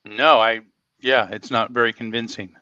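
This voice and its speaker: Middle-aged male co-host, wordy and repetitive, sharp bright tone, dead-dry mic. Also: mid-range voice, steady tone, normal speed, smooth, no echo, dull audio. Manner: wordy, stumbling, repeats himself. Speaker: podcast co-host. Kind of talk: casual chat.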